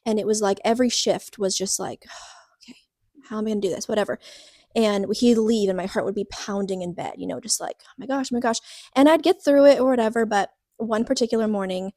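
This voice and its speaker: Speaking briskly in a dark-toned, medium-pitched voice, this woman co-hosts a podcast recorded cleanly in a studio without echo. Her personal story comes out rambling and earnest, laced with "like" and restarts, and she's openly vulnerable in this casual chat.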